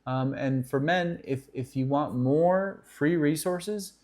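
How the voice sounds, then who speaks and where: A man's voice: on the high side, slow, darkish tone. A middle-aged man who counsels, giving earnest advice straight to camera and acting out example lines with many restarts. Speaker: counselor and video host. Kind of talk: direct-to-camera advice talk.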